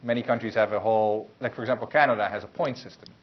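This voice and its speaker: A man with a somewhat low voice lecturing a university class, loose and conversational, full of fillers and restarts. The classroom recording sounds muffled, with a faint hiss underneath. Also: fairly even intonation, fast.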